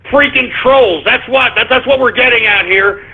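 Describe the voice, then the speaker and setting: A man's voice: very high voice, normal speed, hardly any pauses, breathy edge. A man hosting a live internet radio show, ranting and exasperated, cursing and stammering through restarts as he addresses his listeners as folks. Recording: tinny phone-like internet radio stream.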